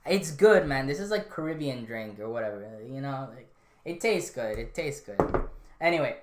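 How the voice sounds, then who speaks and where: A woman's voice: sits low, animated, a little slow. A woman hosting a casual solo podcast, rambling and offhand with lots of fillers and restarts. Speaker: podcast host. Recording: roomy, echoey room.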